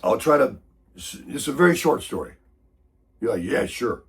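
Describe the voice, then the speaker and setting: An American man, sick and congested with a hoarse voice, telling a rambling, grumbling story in a casual morning chat. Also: medium pitch, big pitch swings, a little slow, a bit bright. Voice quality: husky. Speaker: vlogger.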